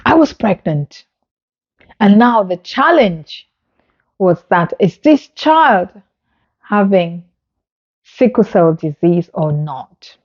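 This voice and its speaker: A woman's voice: medium pitch, very animated, slow pace, highs cut off. Earnest woman telling her story. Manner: earnest, emotional retelling with acted-out dialogue. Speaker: vlogger. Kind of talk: personal storytelling to camera. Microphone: phone.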